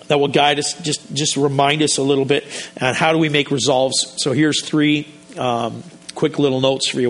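A man pastor preaching a sermon in a conversational, storytelling way, often restarting his sentences. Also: a little high.

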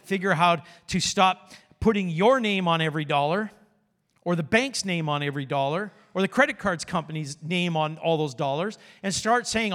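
A man's voice: on the high side, a bit bright. A man preaching a conversational sermon in a church, mixing plain talk with anecdotes. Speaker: pastor.

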